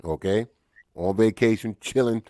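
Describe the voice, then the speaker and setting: A man's voice: lowish voice, moderate pace, mellow, no echo, studio quality. A man from New York, co-hosting a podcast, telling stories in a loose, swearing, casual way. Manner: loose, swearing, storytelling with lots of "you know what I mean". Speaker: podcast co-host. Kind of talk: casual chat.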